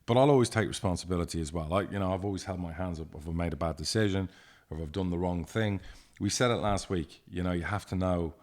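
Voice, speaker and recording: A man's voice: deep voice, fast talker, few pauses. A man, a football club chairman, co-hosting a casual podcast and telling stories in a blunt, profane way. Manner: blunt, profane, lively storytelling.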